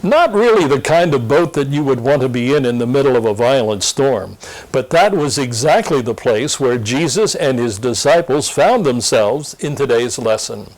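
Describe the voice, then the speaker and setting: A man presenting a scripted Sunday school lesson preview in an earnest, expressive teaching tone. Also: medium pitch, normal speed, poor audio. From Pennsylvania.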